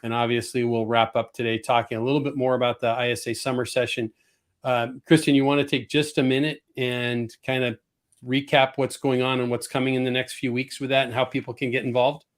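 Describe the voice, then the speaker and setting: A man's voice: medium pitch, level tone, a little fast. A man hosting a business webcast in a friendly, casual way, often repeating words. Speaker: host.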